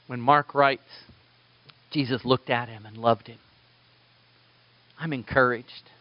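A man preaching a sermon, swinging between loud emphatic lines and quiet asides, with playful remarks to his listeners. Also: medium pitch, takes it slowly, no room sound, highs cut off. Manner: animated preaching with sudden loud and soft turns, playful asides to the congregation. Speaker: pastor.

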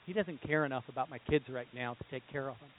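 A man voicing a worried, controlling mother who speaks quietly and fretfully. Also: mid-range voice, quick pace, dry recording, pitched below the performer's own voice, close to an everyday voice. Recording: tinny phone-like sound.

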